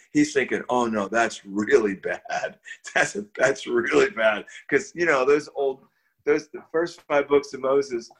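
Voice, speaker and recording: An older man, a guest in an interview, tells a personal story in a casual, animated way, often restarting words and chuckling as he goes. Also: mid-range voice.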